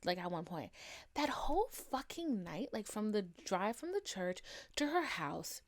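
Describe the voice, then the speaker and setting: A young woman hosts her own podcast and talks through a personal story in a loose, conversational way, scattering "like" through almost every sentence. Her voice carries a Valley girl sound edged with a Southern twang, and she swears casually. Her pitch sits in a normal middle range for a woman. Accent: American, Valley girl with Southern twang. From United States and Haiti. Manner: chatty, frequent "like" fillers, swears casually. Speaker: podcast host.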